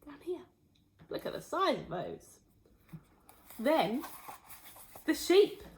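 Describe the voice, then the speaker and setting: A woman teacher reading a storybook aloud to children, expressive and pointing out the pictures as she goes. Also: high voice, slow, vocal fry. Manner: expressive, shows pictures to listeners.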